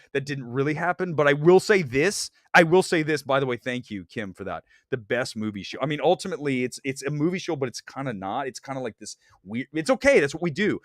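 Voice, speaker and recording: A man from Ohio hosting a live movie talk stream, loud, outspoken and jokey, breaking into mocking voices now and then. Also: medium pitch, expressive, fairly quick, dry recording, clean studio sound. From Ohio, United States. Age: adult. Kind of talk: casual live-stream rant.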